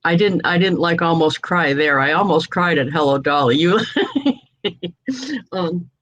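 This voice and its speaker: A woman's voice: fairly low pitch, animated, measured pace, a bit bright, low-quality recording. A woman from New England hosting a casual video chat, telling anecdotes and laughing often. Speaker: host.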